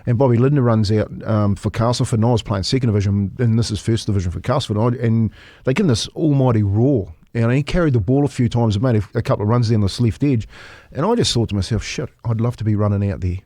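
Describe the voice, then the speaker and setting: A man's voice: mid-range voice, quick pace, no echo, studio quality. Laughing New Zealand man telling yarns. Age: 50s. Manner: animated yarn-spinner, laughs through his stories. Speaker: former rugby league coach, guest. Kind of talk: casual storytelling chat.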